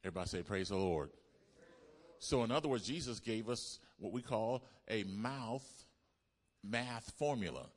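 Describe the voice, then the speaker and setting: A pastor preaching a sermon to his congregation, asking them to repeat lines back and building up to loud exclamations. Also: medium pitch, animated, moderate pace, breathy edge. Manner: call-and-response preaching, builds to shouts. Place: church.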